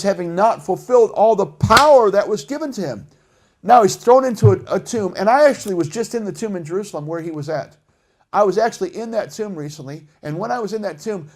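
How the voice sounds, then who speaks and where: A middle-aged man preaching a sermon with passion, dropping to a hush and then rising to shouts. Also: sits high. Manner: impassioned preaching, swinging between hushed and shouted.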